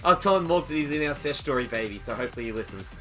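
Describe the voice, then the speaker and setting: A man's voice: mid-range voice, lively intonation, rapid-fire, bright, forceful tone. A young adult man, co-hosting a podcast with teasing, laughing banter. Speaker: podcast co-host. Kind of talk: casual banter.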